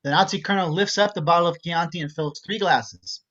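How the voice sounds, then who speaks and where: A man narrating screenplay stage directions in a steady, matter-of-fact way. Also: fairly high pitch, fairly quick, muffled recording.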